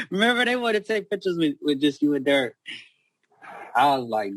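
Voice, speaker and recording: A man's voice: on the high side, normal speed, no echo. A young man in casual chat, telling stories in loose slang with lots of swearing. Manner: slangy, animated storytelling with profanity. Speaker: guest sibling.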